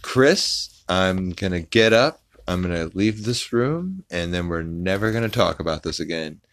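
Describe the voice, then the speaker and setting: A man voicing a blustering middle-aged cartoon dad with a blunt, gruff way of speaking. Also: low voice, expressive, a little slow, a bit bright, heavily acted.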